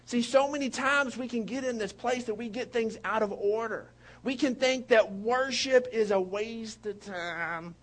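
A man preaching a sermon, animated and joking as he tells stories. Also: very high-pitched, unhurried, few pauses. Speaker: pastor.

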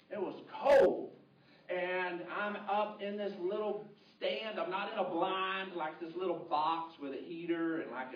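A man preaching a sermon as pastor, telling a story with lively, shouted bursts. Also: high-pitched. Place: church hall. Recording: roomy, muffled, distant hall audio.

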